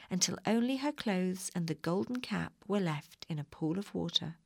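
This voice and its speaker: Expressive woman reading a storybook. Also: fairly low pitch, moderate pace, vocal fry, few pauses, no echo, studio quality.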